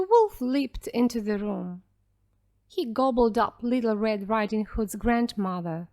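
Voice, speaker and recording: A woman reading a fairy tale aloud at an unhurried, deliberate pace, each word clear for beginners. Her voice sits fairly high and moves with plenty of lively melody. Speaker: narrator. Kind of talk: slow storybook narration for English learners.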